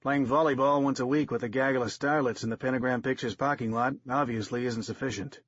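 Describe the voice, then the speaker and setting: A man's voice: mid-range voice, steady tone, fast talker, a bit bright, no room sound, close to an everyday voice. A man in his thirties voicing a wry, self-mocking male screenwriter turned amateur sleuth, in a dry, slightly dull recording. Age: 30s.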